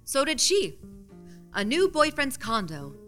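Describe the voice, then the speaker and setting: A woman's voice: sits high, sing-song, a little slow, a bit bright, faint music behind. A woman reading a first-person story aloud in a wry, dry, matter-of-fact way.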